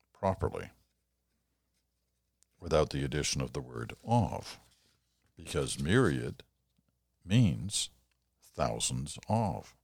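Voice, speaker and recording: A man's voice: extremely low pitch, no room sound, studio quality. An older man hosting a podcast, reading listener letters aloud and answering them in a conversational, explanatory way. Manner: conversational, explanatory, occasional chuckle.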